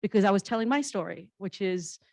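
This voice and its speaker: A woman's voice: mid-range voice, expressive, fairly quick, vocal fry, a little mellow, dry recording, poor audio. A woman comedian and actress on a panel, telling stories in a blunt, humorous, candid way and swearing casually. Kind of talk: candid conversational storytelling.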